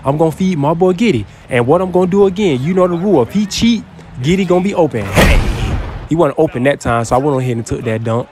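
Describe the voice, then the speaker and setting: Excitable young man yelling over gameplay. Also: on the high side, quick pace, background noise. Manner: excitable trash talk, bursts into yelling. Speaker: gaming YouTuber. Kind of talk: casual gameplay commentary.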